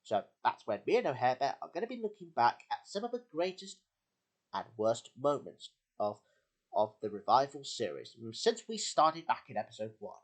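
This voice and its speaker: A man's voice: mid-range voice, sing-song, normal speed, slightly rough. A man hosting a homemade puppet show, talking in a rambling way with many slips and restarts. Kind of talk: casual chat.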